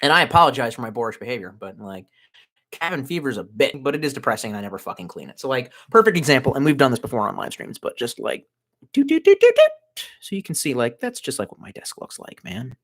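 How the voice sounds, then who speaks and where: A man's voice: medium pitch, lively intonation, fast, pushed and bright, no echo, clean studio sound. A man in his thirties, a bit drunk, ranting on a livestream from his cramped bedroom in a rambling, profane, sardonic way. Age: 30s. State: tipsy. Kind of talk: casual livestream rant.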